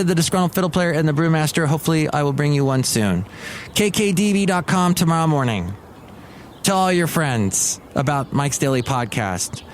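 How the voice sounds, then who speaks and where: A man hosting his own solo podcast, rambling in a casual, excitable, grumpy joking manner. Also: fairly high pitch, a little hiss or hum. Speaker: podcast host.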